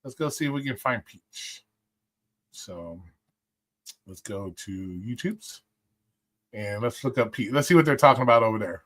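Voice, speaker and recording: A man's voice: medium pitch, lively intonation, fairly quick, fairly bright tone. A man hosting a livestream, talking casually and ranting with lots of swearing as he checks his likes and picks videos. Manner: rambling, profane, ranting. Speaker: livestream host.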